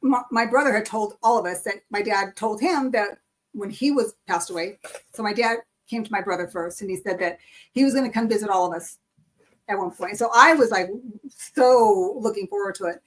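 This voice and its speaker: A woman hosting a live spiritual chat stream, telling a personal story in an animated way. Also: medium pitch, normal speed. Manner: animated storytelling, acts out quoted speech. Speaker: host. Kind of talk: casual chat.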